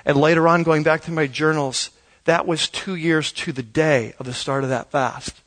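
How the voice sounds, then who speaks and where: A man's voice: fairly high pitch, steady tone, moderate pace, fairly bright tone. A male pastor preaching a sermon in a conversational, storytelling way, acting out bits of dialogue.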